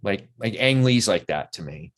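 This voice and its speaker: A man's voice: fairly low pitch, lively intonation, normal speed. An older man, a guest in a casual interview, telling long, enthusiastic anecdotes full of restarts.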